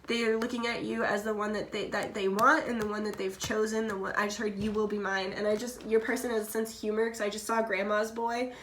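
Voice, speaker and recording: A woman's voice: mid-range voice, little pitch movement, brisk, hardly any pauses, fairly bright tone. A woman doing a casual tarot reading, blunt and chatty, swearing freely and coughing now and then while she is sick. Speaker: tarot reader. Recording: echoey room, faint background noise.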